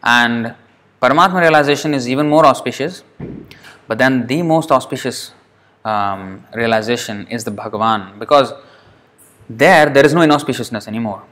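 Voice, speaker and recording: A man's voice: medium pitch, moderate pace, fairly bright tone. Man teaching a scripture class. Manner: reads a passage aloud, then explains it with rhetorical questions.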